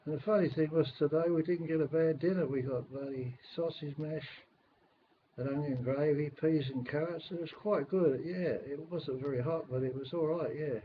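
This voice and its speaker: Rambling older Londoner on a webcam. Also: male voice, on the high side, moderate pace, a little hiss or hum. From England. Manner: rambling, grumbling, swears mildly. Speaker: webcam caller. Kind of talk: casual webcam chat. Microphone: webcam microphone. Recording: dull lo-fi webcam audio.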